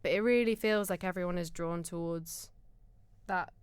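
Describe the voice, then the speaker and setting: A woman's voice: fairly low pitch, normal speed, smooth, no room sound. A woman with a southern English accent, a musical theatre actor and guest, talking in a chatty and enthusiastic way. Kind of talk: casual chat.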